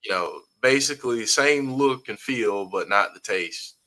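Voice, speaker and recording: A man's voice: on the low side, expressive, a little slow, bright, forceful tone, low-quality recording. A man hosting a casual live-stream talk show, reading viewer comments aloud in an easygoing way. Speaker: host.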